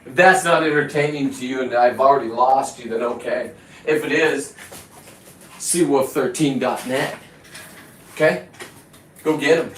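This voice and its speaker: A man's voice: mid-range voice, unhurried, pauses often, a little hiss or hum. Middle-aged male vlogger, crude and boastful, mid-range voice, roomy echo. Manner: profane, boastful and rambling. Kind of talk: rambling casual monologue. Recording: echoey room.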